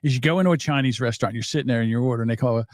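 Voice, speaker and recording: A man's voice: mid-range voice, very fast, darkish tone, no echo, studio quality. An older man co-hosting a podcast, talking bluntly in casual chat. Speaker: podcast co-host.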